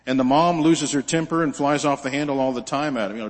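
A man's voice: mid-range voice, fast talker, few pauses, long reverb tail. A man preaching a sermon in a conversational way, with asides and rhetorical questions.

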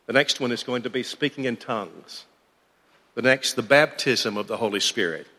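A man's voice: medium pitch, moderate pace, sharp tone, long reverb tail. A man teaching a church Bible class in a conversational, thinking-aloud way.

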